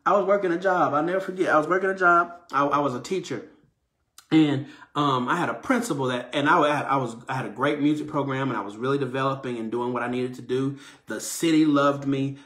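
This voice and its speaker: Male preacher, slightly high voice, lively and conversational, echoey room. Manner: animated, acts out quoted voices in a higher pitch. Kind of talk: conversational sermon.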